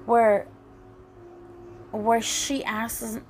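A woman preaching a sermon in an earnest, halting way, often restarting her phrases. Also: a little high, completely flat delivery. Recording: faint music behind.

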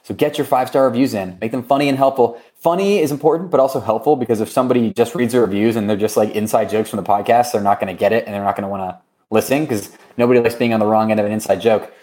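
A man co-hosting a casual podcast, joking around while he reads reviews and runs through shout-outs and giveaways. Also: lowish voice, very fast. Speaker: podcast co-host. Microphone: remote recording.

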